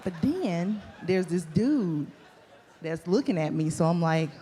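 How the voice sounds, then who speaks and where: A woman's voice: on the low side, a little slow, slightly rough. A woman doing a stand-up comedy set in a club, telling stories animatedly and acting out the people in them. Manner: animated storytelling with acted-out quotes. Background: audience laughter.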